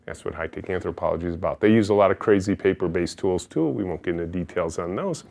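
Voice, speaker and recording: A man's voice: deep voice, fast talker, creaky. A middle-aged man, a company CEO, giving a storytelling keynote talk and acting out the people in his anecdotes. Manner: energetic, animated storyteller who acts out quotes.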